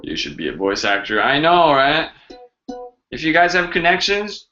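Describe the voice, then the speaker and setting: Brief: male live-stream teacher, animated delivery, bright tone, dull lo-fi audio. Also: a little high, moderate pace, faint music behind. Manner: chatty, joking, animated. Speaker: language teacher hosting a live Q&A. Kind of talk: casual live-stream lesson.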